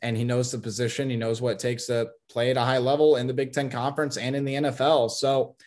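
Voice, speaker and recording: A man's voice: mid-range voice, flat delivery, quick pace, a little mellow. A man co-hosting a casual sports talk show, giving opinionated takes on college football recruiting and teasing his co-host.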